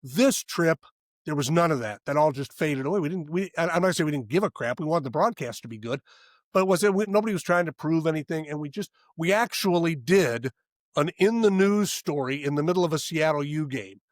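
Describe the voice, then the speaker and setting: A man's voice: on the high side, expressive, a little fast, dry recording, studio quality. A man in his sixties, a former sports radio host, telling rambling stories as a podcast guest, restarting his sentences and laughing as he goes. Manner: rambling anecdotal storyteller, frequent restarts and laughs. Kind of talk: casual storytelling interview.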